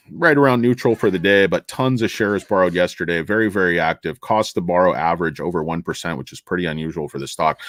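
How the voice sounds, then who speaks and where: A man's voice: on the low side, no echo, clean studio sound. A man hosting a casual stock market livestream, rambling and joking with crude, profane asides.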